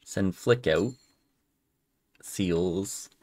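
A gaming channel host with a low voice and drawn-out words gives let's play commentary in a dry recording. He's relaxed, thinking aloud as he makes decisions and trailing off now and then.

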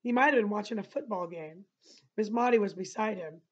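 A woman teacher reading a novel aloud and pausing to explain passages to her listeners. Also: medium pitch. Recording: dull lo-fi recording.

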